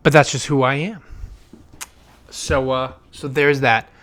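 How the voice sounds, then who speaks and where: A young man hosting his own podcast, talking loudly and emotionally in a rambling way, with fillers and swearing. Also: medium pitch, fairly even intonation, a little slow. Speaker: podcast host. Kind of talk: casual solo podcast monologue.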